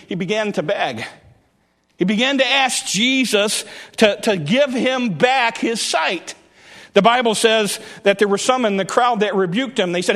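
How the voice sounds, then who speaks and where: A man's voice: high-pitched, unhurried, fairly bright tone. A male preacher delivering a sermon, retelling a story dramatically and acting out the voices.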